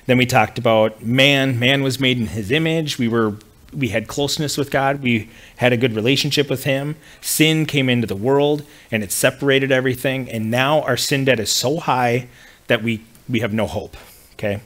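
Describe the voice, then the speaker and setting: Male pastor, mid-range voice, conversational teaching, relaxed restarts. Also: medium pitch, moderate pace. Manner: conversational, with frequent fillers and restarts. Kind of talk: teaching a church class.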